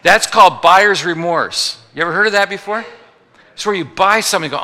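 A man's voice: sits high, fairly quick, bright, forceful tone. A man preaching a sermon as pastor, joking with the congregation and acting out little voices for the people he quotes. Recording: long reverb of a large hall.

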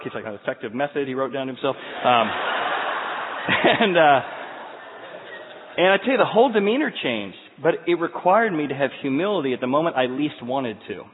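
A man preaching a sermon, telling a story with lively voices and acted-out scenes. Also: medium pitch, in a large hall, phone-quality sound, a little hiss or hum. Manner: animated storyteller acting out scenes. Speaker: pastor.

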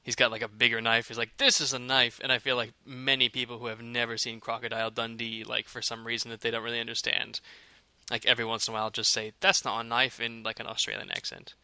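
Bright-voiced man chatting casually. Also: mid-range voice, monotone, fast talker, no room sound. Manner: chatty, hesitant, many fillers and restarts. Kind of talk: casual chat.

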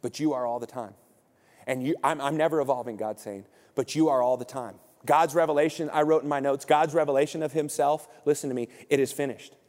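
A pastor in his forties preaching a sermon in a lively, joking way, often acting out quotes. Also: medium pitch, brisk. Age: 40s. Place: church auditorium. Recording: reverberant hall.

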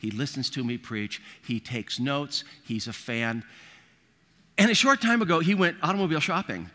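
Bright-voiced man preaching in a big hall. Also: mid-range voice, expressive, normal speed. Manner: storytelling with quoted voices and humor. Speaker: pastor. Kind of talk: sermon. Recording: long reverb of a large hall.

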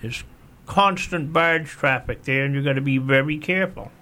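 A man in casual chat giving measured, cautionary advice with some stammered restarts. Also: mid-range voice, pushed and bright. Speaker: fellow sailor in conversation.

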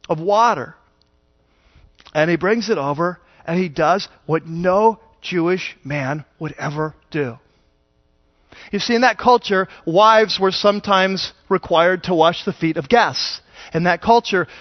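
A man pastor preaching a sermon in a conversational, animated storytelling way, on a dull lo-fi recording. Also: high voice, no room sound.

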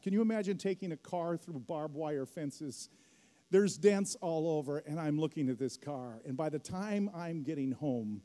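High-voiced pastor preaching in a reverberant hall. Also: male voice, dark tone. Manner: storytelling, rising to emphatic peaks. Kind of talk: sermon. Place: church hall.

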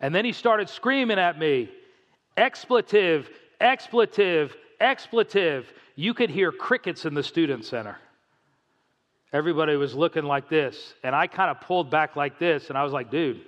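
A man preaches a sermon from the pulpit, telling stories with animation and acting out the voices of the people he quotes. His voice sits a little high. It rings with the long reverb of a church sanctuary. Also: expressive, fairly quick, a bit bright, highs cut off. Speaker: pastor.

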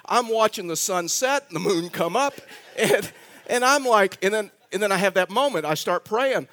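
A middle-aged man, a pastor, telling a self-mocking story in a sermon with halting restarts. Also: high voice, lively intonation, a bit bright. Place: church sanctuary.

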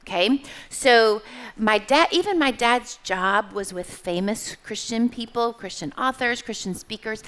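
A middle-aged woman giving a church testimony talk as a small group leader, chatty and animated, asking her audience questions. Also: mid-range voice, moderate pace, a little hiss or hum.

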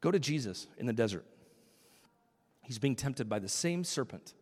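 A man's voice: mid-range voice, animated, moderate pace, a little mellow, slightly rough, in a large hall. A man preaching a sermon as pastor, acting out quotes and dropping to a whisper for emphasis.

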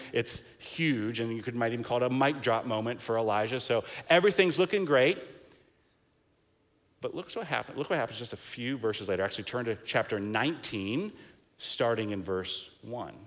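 A man's voice: medium pitch, fairly bright tone. A man preaching a sermon, telling a story in a casual, joking way. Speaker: pastor.

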